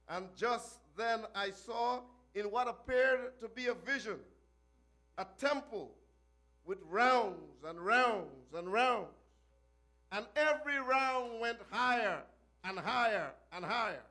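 A male preacher recounting a vision in an archaic biblical cadence, breaking into shouted refrains. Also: very high-pitched, takes it slowly.

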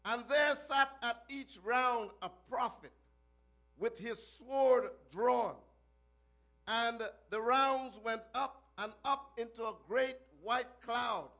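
A male preacher recounting a vision in an archaic biblical cadence, breaking into shouted refrains. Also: very high-pitched, slow pace.

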